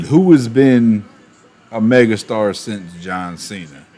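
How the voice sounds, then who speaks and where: A man streaming and chatting casually, animated, with quick asides and laughs. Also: lowish voice, a little hiss or hum. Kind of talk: casual chat while opening cards.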